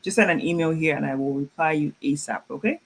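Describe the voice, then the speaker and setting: A French teacher running a live online class, reading students' chat messages aloud, praising them warmly and slowing down to repeat French phrases. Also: medium pitch. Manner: encouraging, slows down to spell out French phrases; chatty and informal, laughs often.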